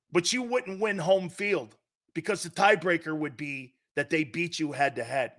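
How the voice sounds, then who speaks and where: A middle-aged man hosting a sports talk show, preaching his opinions in a fired-up, profane rant that swings from loud outbursts to low, intense asides and repeats lines for emphasis.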